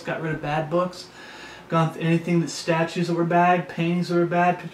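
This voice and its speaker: A man preaching a sermon, earnest and repetitive, often restarting his phrases. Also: a little high. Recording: echoey room with faint background noise.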